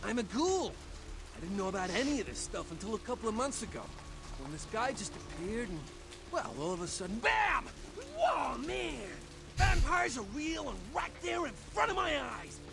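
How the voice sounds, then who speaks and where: An actor playing an overeager young male ghoul in a video game, talking in a breathless, stammering rush of excitement. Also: sits high, fairly quick. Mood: eager.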